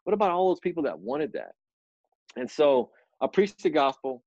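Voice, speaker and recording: A man, a missionary guest, telling a personal story in an earnest, animated way with frequent restarts. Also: a little high, normal speed, no echo. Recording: dull lo-fi dry sound.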